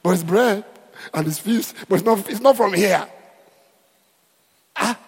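A man's voice: high-pitched, unhurried, breathy edge, big-room sound. A man preaching a sermon, emphatic and repetitive, calling out to the congregation. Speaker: pastor.

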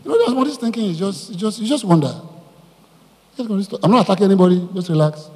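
Husky-voiced preacher in an echoey hall. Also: male voice, high-pitched, fast talker. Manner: animated preaching, asks the congregation questions. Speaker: pastor. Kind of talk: sermon. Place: church hall.

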